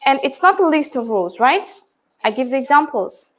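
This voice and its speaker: A middle-aged English teacher explains how she teaches pronunciation, frequently checking in with "yeah?" and "right?". Her voice is high-pitched and fairly bright, with big swings in pitch, and she talks at a normal speed.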